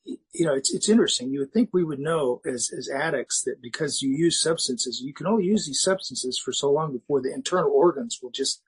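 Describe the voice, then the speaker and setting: Husky middle-aged man sharing his story. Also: medium pitch, animated, poor audio. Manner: halting, candid storytelling with many restarts. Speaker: speaker sharing at a recovery meeting. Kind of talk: personal recovery share.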